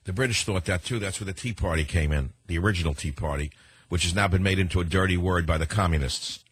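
An older man with a thick New York accent holds forth as a talk radio host, combative and rambling, circling back over his own words. His voice sits low and husky, recorded dry and close. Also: steady tone, quick pace, no echo. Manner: combative, rambling, repeats himself. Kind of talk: opinionated talk radio monologue.

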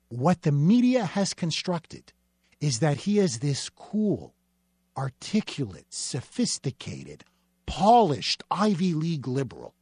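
A man's voice: a little high, darkish tone, husky, dry recording. A man hosting a talk radio show, ranting in an emphatic, indignant way at a studio microphone.

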